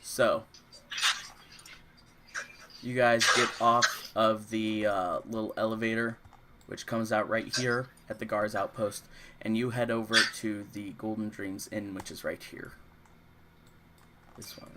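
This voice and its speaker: A man's voice: lowish voice, fairly even intonation, slow, pauses often, very noisy. A man running a tabletop game as dungeon master, narrating casually with many fillers.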